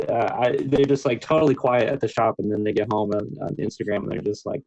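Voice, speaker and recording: A man on a tattoo podcast telling stories in an animated way and swearing casually. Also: fairly low pitch, quick pace, gravelly, few pauses, lo-fi sound. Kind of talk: casual chat.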